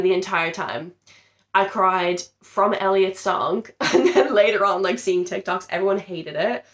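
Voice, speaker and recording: A young woman with a slightly low voice talks to camera in a casual, confessional vlog. She sounds a little ill and worn down, and she rambles emotionally with lots of fillers. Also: fairly bright tone. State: feeling ill, under the weather. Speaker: vlogger.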